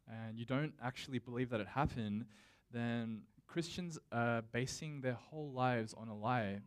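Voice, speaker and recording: A pastor preaches a sermon in an easygoing, conversational way, talking directly to his congregation. His pitch is ordinary and middling, and rather than formal oratory he uses casual fillers and restarts.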